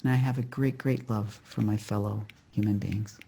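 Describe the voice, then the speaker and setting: A wise old Hasidic rebbe, a gentle man, voiced by a storyteller. He speaks slowly and patiently with a gravelly edge. The tone is husky and warm-hearted. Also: mid-range voice, steady tone, pitched below the performer's own voice. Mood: gently teaching. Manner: soft, patient and unhurried.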